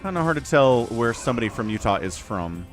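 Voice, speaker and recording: A man's voice: mid-range voice, sing-song, fairly quick, soft background music. An American man giving casual, joking livestream commentary on a strategy game and chatting with viewers. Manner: chatty, joking, reads chat aloud.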